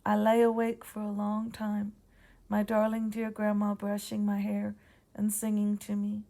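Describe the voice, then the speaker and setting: A woman with a Southern accent reading her own ghost story aloud in a quiet, measured way. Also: mid-range voice, completely flat delivery, creaky.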